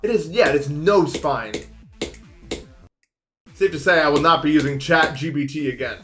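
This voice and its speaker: A young man streaming, chatting casually with viewers in a rambling, animated way. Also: fairly high pitch, normal speed, faint music behind. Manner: rambling, animated, swings into shouting.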